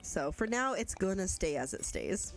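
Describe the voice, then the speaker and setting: A woman's voice: mid-range voice, big pitch swings, normal speed, faint music behind. A young woman from Canada, chatting casually and rambling as she streams a game and answers chat. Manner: chatty, rambling, reads chat aloud, laughs often.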